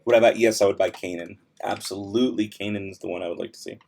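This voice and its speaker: Low-ish and gravelly with a slightly mellow tone, this young man's voice moves fast with fairly even intonation. He's hosting a casual livestream, reading out viewer comments as he works, relaxed yet quick to get exasperated and prone to mumbling. He seems tired and worn, his voice starting to give out.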